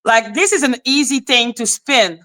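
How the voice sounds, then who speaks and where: A woman's voice: a little high, expressive, moderate pace, sharp tone. Blunt woman ranting on a livestream. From Canada. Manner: blunt, profane ranting, greeting chat viewers. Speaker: live-stream host. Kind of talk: live-stream commentary.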